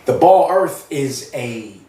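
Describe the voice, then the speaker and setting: A man's voice: medium pitch, animated, takes it slowly, warm tone. Man rambling in a roomy distant recording. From United States. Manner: meandering, repetitive, earnest. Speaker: spiritual channel host. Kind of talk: rambling spiritual monologue. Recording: roomy sound, mic at a distance.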